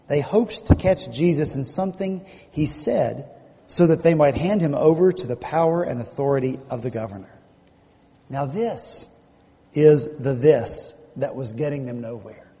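Male pastor, Southern US accent, animated sermon storyteller, long hall reverb. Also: fairly high pitch. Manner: animated storytelling, acts out quoted speech. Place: church sanctuary.

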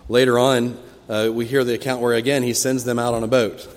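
A pastor preaches at a fairly quick pace in a church sanctuary, his mid-pitched voice echoing with a long hall reverb. His storytelling is lively, and when he voices the characters he bursts into loud, high cries.

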